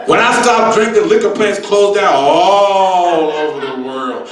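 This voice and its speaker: A man in his sixties working a stand-up crowd, brash and streetwise with big exaggerations. His voice runs fairly high. He is heard from a distance in a very echoey room. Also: a little slow. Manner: brash, streetwise, exaggerated, keeps calling people baby. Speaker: stand-up comedian. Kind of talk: stand-up routine.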